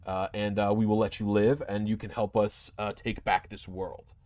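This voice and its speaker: A man's voice: lowish voice, little pitch movement, moderate pace, darkish tone, dry recording, natural voice. A man voicing a cold, imperious alien starship captain who speaks formally and condescendingly in a tabletop game. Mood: haughty.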